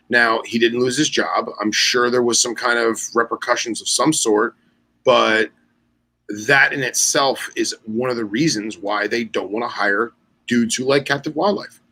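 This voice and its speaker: A man's voice: mid-range voice, rough recording. A man in casual chat on a podcast, telling stories with lots of fillers and restarts, acting out the dialogue of other people. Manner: animated storyteller acting out quoted dialogue; loose, with many fillers and restarts. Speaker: podcast co-host.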